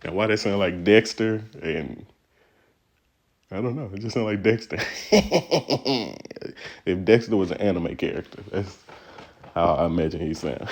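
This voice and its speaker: A man's voice: lowish voice, big pitch swings, takes it slowly, pauses often, a little mellow. A male stand-up comedian from Texas giving casual, playful, slangy commentary on his own set and laughing often. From Texas, USA.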